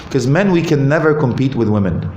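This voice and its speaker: A man giving a lively talk on marriage at a mosque, asking the audience questions and joking. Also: mid-range voice, fast, muffled recording. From Canada. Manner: animated, asks the audience questions, jokes. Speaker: visiting Islamic speaker. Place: mosque hall. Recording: roomy hall with faint ambience.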